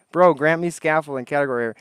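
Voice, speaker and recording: A man's voice: a little high, fairly bright tone, clean tone, no room sound, clean studio sound. A man hosting a casual livestream outdoors, chatting with viewers and thinking aloud. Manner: rambling, greets chat, thinks aloud. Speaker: livestream host. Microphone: desk microphone.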